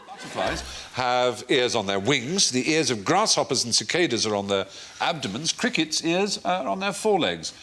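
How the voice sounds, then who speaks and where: Man, quiz show host, wry storyteller, animated pitch, noisy recording. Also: normal speed. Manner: wry, playful, storytelling delivery. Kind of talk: panel show hosting with anecdotes.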